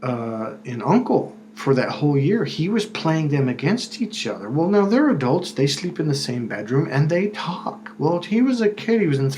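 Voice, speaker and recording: A man's voice: on the high side, sing-song, normal speed, few pauses, a little mellow. Male self-help coach, chatty and unscripted, slips into quoted voices, faint noise underneath. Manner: conversational, repeats words, acts out quoted voices. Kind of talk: casual spoken advice monologue.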